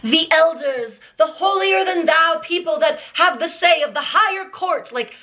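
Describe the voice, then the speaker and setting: A young adult woman talking casually on her vlog, breaking down song lyrics in an emphatic, animated way with lots of "like" fillers. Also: very high-pitched, unhurried. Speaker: vlogger analyzing song lyrics. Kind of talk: casual commentary.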